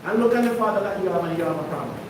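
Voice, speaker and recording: A man's voice: sits high, very fast, a little hiss or hum. A man preaching to his congregation, emphatic and conversational, often putting questions to the listeners. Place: congregation hall. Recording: echoey room, mic far off.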